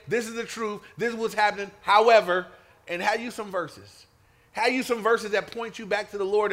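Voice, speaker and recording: A man preaching a sermon to a men's gathering, lively and conversational, often calling out for an amen. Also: extremely high pitch. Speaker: pastor.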